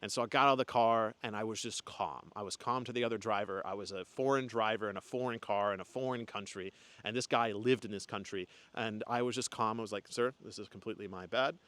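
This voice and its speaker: A man's voice: lowish voice, steady tone, fairly quick, a bit bright. A young man talking casually and earnestly to camera, rambling with fillers and restarts as he reflects on his year. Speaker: spiritual content creator. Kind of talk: casual reflective vlog talk.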